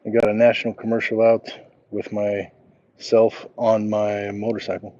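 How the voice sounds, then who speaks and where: A man's voice: lowish voice, monotone, a little slow, dark tone, lo-fi sound. A middle-aged man walking outdoors at night, chatting casually on a livestream and reading viewer comments aloud in a laid-back, chuckling way. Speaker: livestream host. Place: outdoors at night, crickets around.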